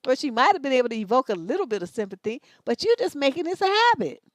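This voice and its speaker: Middle-aged woman, blunt swearing advice host, kinda high voice, dry. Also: sing-song, fast, no echo. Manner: blunt, profane, scolding. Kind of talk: livestream advice commentary.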